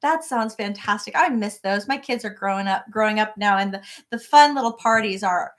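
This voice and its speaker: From her home office, a middle-aged woman hosts a crochet live stream, chatting casually and greeting viewers by name in a medium-pitched voice at a moderate pace.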